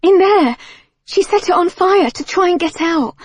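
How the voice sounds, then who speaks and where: A woman voicing a frightened teenage girl, shouting high and frantic. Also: expressive, moderate pace, no room sound.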